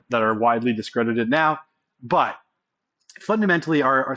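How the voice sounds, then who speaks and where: Male instructor, relaxed conversational lecturing, average pitch, often asks "right?". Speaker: college sociology instructor. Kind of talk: casual classroom lecture.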